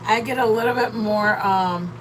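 A woman's voice: medium pitch, normal speed, slight background noise, poor audio. A woman from Michigan chatting casually while cooking with her partner at their RV, rambling and laughing often. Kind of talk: casual live-stream chat. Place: RV campsite during a rainstorm.

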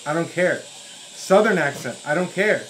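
A man's voice: fairly high pitch, moderate pace, slight background noise, poor audio. Teasing man in his thirties. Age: 30s. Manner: teasing, deadpan banter. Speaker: streamer host. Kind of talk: casual livestream chat.

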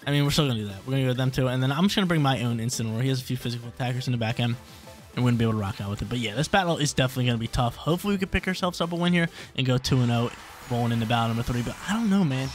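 A young man talks through his online battle as it plays out, thinking aloud and repeating himself when things get tense. His voice sits at an ordinary male pitch. Faint music plays under his talk. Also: rapid-fire. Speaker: gaming YouTuber. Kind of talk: live gameplay commentary.

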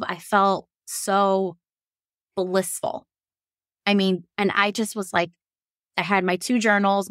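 Animated woman telling her birth story. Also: medium pitch, no room sound, studio quality. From Virginia. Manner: animated, quotes herself and others, laughs often; frank, swears casually. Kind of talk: casual storytelling.

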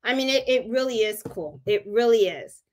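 A woman's voice: on the high side, animated, normal speed. Chatty woman hosting a live craft stream. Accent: Puerto Rican. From Puerto Rico. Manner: chatty, repeats herself for emphasis. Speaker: crafting channel host. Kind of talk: casual live-stream chat.

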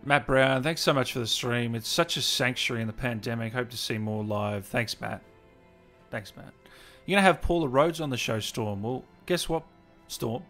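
A man hosts a gaming livestream in a loose, chatty way, reading out viewer comments and laughing often. His voice sits at an ordinary middle pitch. Faint music plays underneath. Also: moderate pace, fairly bright tone. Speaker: gaming livestream host and interviewer. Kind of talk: casual livestream chat.

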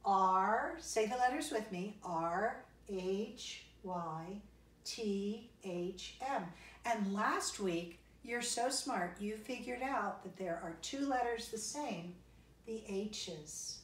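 A woman's voice: medium pitch, expressive. A woman teaching a kindergarten music lesson, cheerful and encouraging, singing and clapping rhythms with the children. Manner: cheerful, sing-song, slow and encouraging, spells and claps along. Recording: echoey room, voice from a distance.

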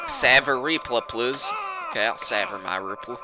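A man giving loud, goofy running commentary over a video game, swinging between squeals and low mutters. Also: huge pitch swings, moderate pace, noisy background. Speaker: gaming let's-player. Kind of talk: loud comedic gameplay commentary.

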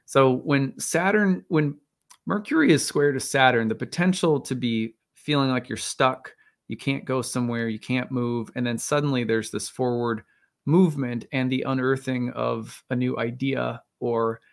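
A man's voice: mid-range voice, unhurried, creaky. A man giving a casual, rambling solo talk as an astrologer, thinking aloud with many fillers and restarts. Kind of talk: casual monologue.

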